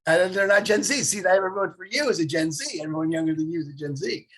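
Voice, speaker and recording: A man's voice: high-pitched, fast, a bit bright. A man in his late fifties talking in a casual podcast conversation, telling stories animatedly and acting out the voices of people he quotes. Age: 50s.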